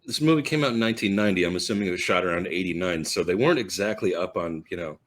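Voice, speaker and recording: A man's voice: low-pitched, rapid-fire, a bit bright. A man from Minnesota co-hosting a horror movie podcast, laid-back with dry wit in casual chat. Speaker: podcast co-host.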